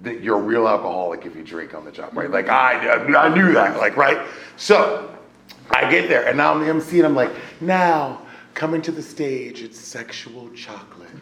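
An American man shares his story at a live AA recovery meeting, his medium-pitched, creaky voice moving a little fast. He's animated and conversational, full of fillers and "right?", dropping to a hush one moment and shouting loudly the next. The room echoes, with faint background noise.

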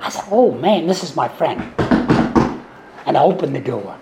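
A man's voice: a little high, sing-song, moderate pace, very noisy. Folksy seventy-something man in an echoey room. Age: 70s. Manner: folksy, repetitive, wry and sarcastic. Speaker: speaker sharing recovery story. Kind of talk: recovery meeting talk. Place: meeting room.

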